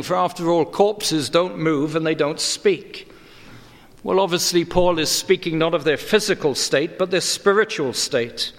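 A man preaching an expository sermon, measured and deliberate, leaning on emphatic words. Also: a little high, a bit bright, in a large hall. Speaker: pastor.

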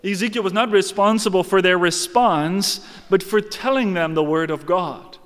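A man's voice: high-pitched, moderate pace, a bit bright, in a large hall. A man preaching a sermon with emphatic, dramatic storytelling and rhetorical questions.

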